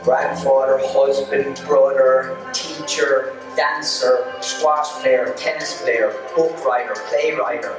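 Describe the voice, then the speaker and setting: A man's voice: medium pitch, steady tone, slow, few pauses. Irish man reciting spoken word poetry. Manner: rhythmic recitation, chatty, jokey asides. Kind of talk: live spoken word performance with stage banter. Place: arts centre stage before an audience. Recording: echoey hall from far off, music.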